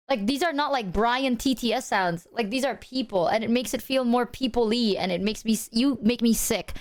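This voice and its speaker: A woman streamer chatting casually to her audience, teary and rambling, with lots of "like" and laughter. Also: fairly high pitch. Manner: emotional, laughing, rambling with filler "like". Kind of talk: casual live-stream chat.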